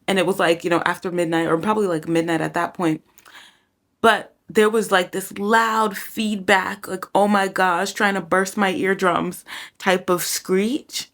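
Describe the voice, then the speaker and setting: A woman's voice: mid-range voice, a bit bright. Woman, casual vlog chat, rambling, says "y'all" and "like", slightly out of breath, at home. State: a little out of breath at times. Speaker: songwriter and home producer. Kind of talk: casual vlog talk to camera. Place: home, recording at a laptop.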